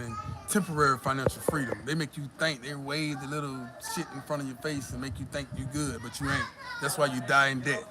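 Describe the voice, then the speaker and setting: A man delivers a blunt, profane livestream rant. His voice sits a touch high, and loud clicking noise runs behind him throughout. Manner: profane, blunt, emphatic preaching. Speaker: livestream host reading chat.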